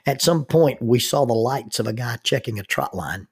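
A minister telling a personal story in an earnest, halting way, often restarting his sentences. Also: mid-range voice, animated, husky.

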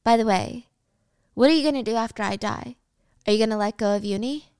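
A woman voicing a calm, fearless teenage schoolgirl who speaks flatly and coolly. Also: fairly high pitch, fairly quick, clear, resonant tone, dry recording, studio quality, natural voice. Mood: cold. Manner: flat, calm, unafraid. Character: cold, fearless teen schoolgirl.

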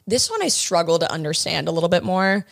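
A woman in her twenties co-hosting a podcast, teasing her co-host in quick casual banter. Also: on the low side, sing-song, gravelly, no echo, studio quality. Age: 20s. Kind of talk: casual chat.

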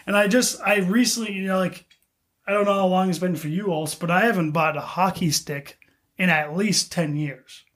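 A man's voice: sits high, normal speed, a bit bright. A young man co-hosting a podcast, chatting casually and rambling with lots of "you know, like". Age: young adult. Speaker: podcast co-host. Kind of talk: casual chat.

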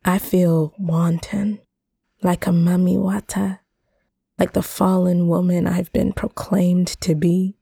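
A woman narrating a first-person romance audiobook in an intimate, soft-spoken way. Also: lowish voice, level tone, slow, creaky, breathy edge, no echo, studio quality.

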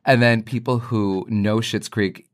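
A man chatting as a podcast guest, telling stories in a lively way and laughing easily. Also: lowish voice, measured pace. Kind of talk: casual conversation.

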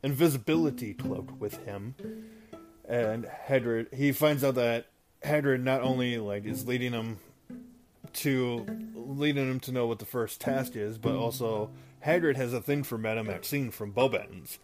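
A man's voice: mid-range voice, a little slow. A man hosting a podcast, casually recapping a movie into his phone, rambling and often correcting himself mid-sentence. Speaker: podcast host. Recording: music playing underneath.

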